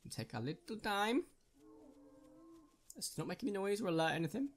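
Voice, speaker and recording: A man's voice: sits high, sing-song, moderate pace, a little hiss or hum. A man hosting a gaming channel, giving casual, jokey commentary on his own gameplay and chatting with viewers.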